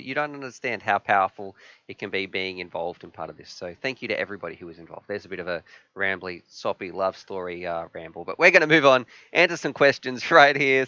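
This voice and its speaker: A man's voice: fairly low pitch, pushed and bright, no room sound, highs cut off. A man hosting a casual live stream from his home room, rambling and chatty as he thanks viewers.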